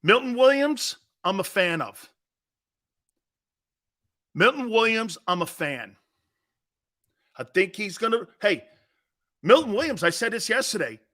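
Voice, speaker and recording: A man's voice: high voice, big pitch swings, unhurried, long pauses, sharp tone. A man hosting a sports talk show, blunt and brash, trash-talking callers and hammering his points home with a repeated "Okay?".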